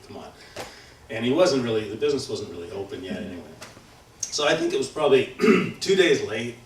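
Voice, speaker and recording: A man's voice: medium pitch, slight background noise. A man telling a personal story at a live event, chatty and self-deprecating, acting out the other people's lines. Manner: conversational, self-deprecating, acts out dialogue. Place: community event hall. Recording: roomy hall, heard from far off.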